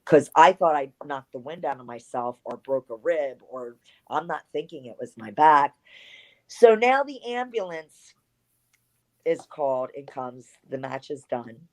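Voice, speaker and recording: A woman's voice: deep voice, a little slow, poor audio. A middle-aged woman, a former wrestler and interview guest, telling a story in casual chat. She acts out what people said and swears casually. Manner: animated storyteller who acts out quoted dialogue and swears casually.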